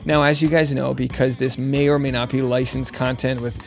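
A man's voice: mid-range voice, level tone, a little fast, gravelly, soft background music. A man hosting a podcast, chatting casually and joking between played clips. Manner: joking, chatty, lots of asides. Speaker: podcast host.

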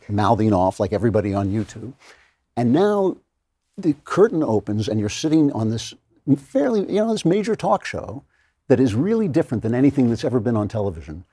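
Guy hosting a chat, talks fast, pitch jumps all over, kinda dark mellow tone. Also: slightly rough, no echo. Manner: eager, restarts sentences, animated. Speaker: podcast host. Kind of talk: conversational interview.

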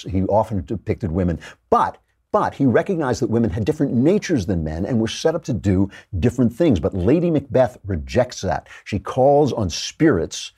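A man hosting a show, giving emphatic and animated lecture-style commentary with frequent restarts. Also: lowish voice, slightly rough.

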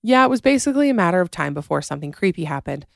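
A woman hosting a podcast, chatting casually and reading listener stories in an animated, giggly way. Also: fairly low pitch, rapid-fire, vocal fry, no room sound, studio quality. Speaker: podcast host. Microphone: podcast microphone.

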